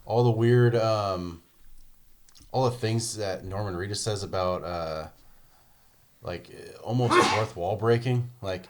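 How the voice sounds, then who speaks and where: A man's voice: fairly low pitch, slow. A man co-hosting a gaming podcast, talking casually and rambling with lots of fillers. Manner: rambling, filler-heavy, laughing easily. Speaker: podcast co-host.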